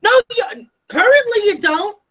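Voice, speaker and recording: A woman with a high, bright voice trades teasing quips with her co-host in a casual chat. Her sound comes through a little dull and lo-fi. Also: lively intonation. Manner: teasing, quick comebacks. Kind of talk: casual live-stream chat.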